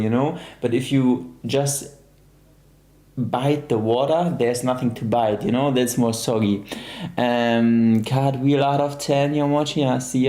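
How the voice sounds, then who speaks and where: A relaxed young man talks casually to his stream audience and answers their comments one by one, laughing often. His voice is mellow and warm. The recording is roomy, with a clear echo around him. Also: mid-range voice. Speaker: livestream host. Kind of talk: casual chat reading live comments.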